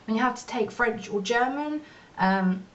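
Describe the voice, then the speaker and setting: A young woman vlogging in a rambling, chatty, self-mocking way while doing her makeup at home. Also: normal speed. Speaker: beauty vlogger. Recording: distant, dull lo-fi mic with faint rumble.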